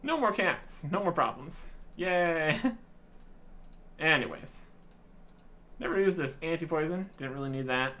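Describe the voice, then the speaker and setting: A man hosts a let's-play of a video game, narrating what he does with wry, joking asides. His pitch moves around a lot as he talks, in an animated, expressive way. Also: a little slow, long pauses. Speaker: game channel host.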